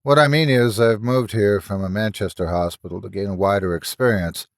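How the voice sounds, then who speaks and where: A man's voice: on the low side, brisk, no echo, clean studio sound, close to an everyday voice. A man voicing a young male doctor who talks hesitantly and apologetically, stumbling over his words. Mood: uneasy.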